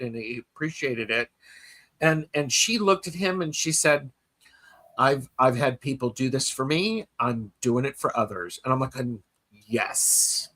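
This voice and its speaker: A podcast host with a medium-pitched, bright, forceful voice tells stories in a rambling, casual chat, full of fillers and restarts. He also reads listener comments aloud.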